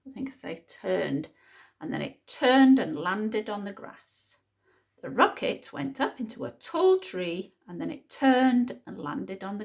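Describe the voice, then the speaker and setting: A woman teaches a phonics writing lesson for small children, sounding out each word and thinking aloud. Her pace is very slow and deliberate, and her pitch rises and falls in a lively way. A gravelly edge runs through her voice. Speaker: primary school teacher.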